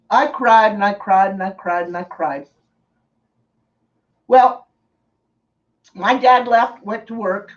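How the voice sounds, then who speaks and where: On a live stream, a woman tells a story slowly and earnestly, pausing now and then to thank viewers. Her fairly high voice sounds far from the mic, and the audio is dull and lo-fi.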